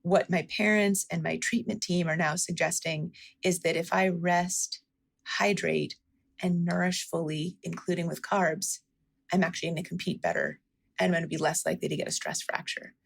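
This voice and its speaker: A woman's voice: on the low side, steady tone, moderate pace, vocal fry, slightly rough. A woman physician answering interview questions in an earnest, explanatory way, stressing each word in a list. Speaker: physician guest.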